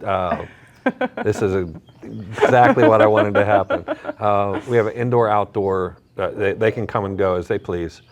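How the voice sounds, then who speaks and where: A man's voice: lowish voice, normal speed. A man hosting a podcast on location at an animal shelter, chatting casually and often repeating his words as he goes. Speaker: podcast host. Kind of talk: casual interview.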